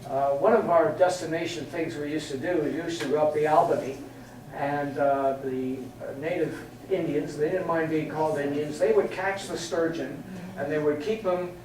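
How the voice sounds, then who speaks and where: Recorded from far off in a very echoey meeting hall, an older Englishman speaks as a guest speaker, sharing chatty flying anecdotes and chuckling at his own stories. His voice is on the high side, steady in tone and at normal speed, with a noisy background.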